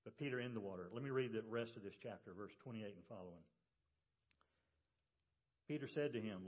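A male pastor preaching a sermon to his congregation in a relaxed, storytelling way. He drops his voice low for quoted words. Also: brisk, pauses often, highs cut off. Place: church service.

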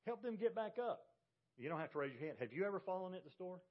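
A man's voice: high voice, animated, quick pace, highs cut off. A middle-aged man, a pastor, preaching a sermon with emphasis and putting rhetorical questions to his congregation. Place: church sanctuary.

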